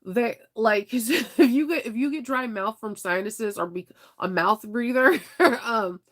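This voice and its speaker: A woman's voice: fairly high pitch, a little slow. Congested, chatty woman live-streaming. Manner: animated, laughing, talks to chat by name. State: congested with a sinus infection. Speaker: vlogger reading live chat. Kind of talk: casual live-stream chat.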